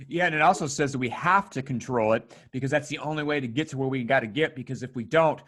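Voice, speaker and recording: A man hosting a podcast, chatting in a casual, animated, slangy way. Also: medium pitch, fast. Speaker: podcast host.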